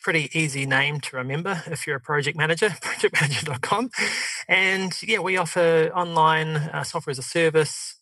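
New Zealand accent, man, middle-aged, podcast guest, bright tone, chatty, laughs a lot. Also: a little high, fairly even intonation, moderate pace, hardly any pauses, dry recording, low-quality recording. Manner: chatty, laughs often, many fillers. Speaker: guest, software company CEO. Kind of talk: podcast interview, telling his story. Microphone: video call.

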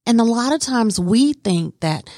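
A woman's voice: fairly high pitch, lively intonation, unhurried, warm tone, dry recording. A woman telling her life story in an interview, earnest and emphatic. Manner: earnest and emphatic, talks with conviction. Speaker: guest.

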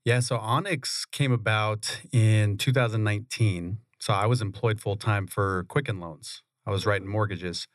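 A man, a real estate investor, telling his story in a relaxed, conversational way in a radio studio. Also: on the low side, moderate pace, hardly any pauses, no echo. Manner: relaxed, conversational, laughs often. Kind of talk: interview storytelling.

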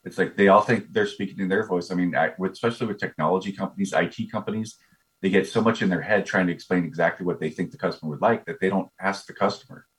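A man's voice: deep voice, fast. A man talking as a business coach guest in a casual interview, eager and often repeating his first words. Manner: eager, repeats words when starting a thought.

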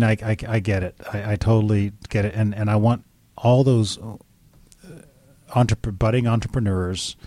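Guy hosting a chatty interview show, kinda low voice, keeps restarting sentences, dry sound. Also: warm tone, no room sound. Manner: enthusiastic, rambling with restarts. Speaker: podcast host. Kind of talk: casual interview chat.

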